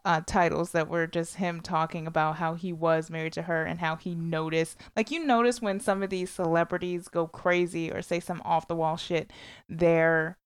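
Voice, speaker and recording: A woman's voice: on the low side, fairly even intonation, normal speed, clean tone, no room sound. A woman co-hosting a podcast in casual chat, blunt and chatty, breaking into sung song snippets. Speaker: podcast co-host.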